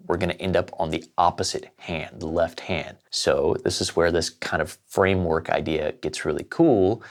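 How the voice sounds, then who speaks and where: A man teaching a drum lesson, explaining sticking patterns step by step and counting beats aloud. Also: low voice. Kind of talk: casual lesson.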